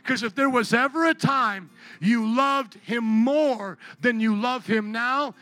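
A man preaching a sermon to his church as pastor, impassioned, rising to shouts and dropping low. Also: normal speed, few pauses, no echo, faint music behind. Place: church sanctuary.

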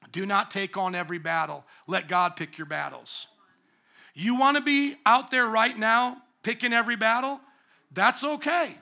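High bright-voiced preaching man. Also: creaky. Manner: impassioned preaching with rising shouts. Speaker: pastor. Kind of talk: sermon. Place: church sanctuary.

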